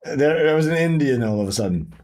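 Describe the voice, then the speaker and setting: A man hosting a stream, reacting to a clip in casual, animated talk, swearing and laughing often. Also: a little high, quick pace, slight background noise. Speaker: stream host.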